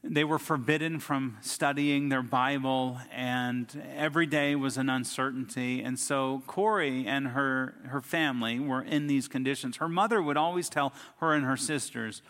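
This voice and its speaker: A man's voice: mid-range voice, fairly even intonation, normal speed, hardly any pauses, a bit bright, big-room sound. A middle-aged man preaching a sermon as a pastor, telling stories and building emphatic lists. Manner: storytelling preacher, emphatic lists and rising outbursts.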